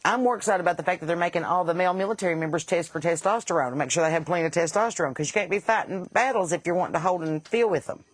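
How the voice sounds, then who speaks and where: A woman's voice: on the low side, racing, hardly any pauses, no echo. A woman podcast host with a Southern accent, blunt and sarcastic in casual comedic talk, laughing at her own jokes and a bit stuffy from sinus trouble.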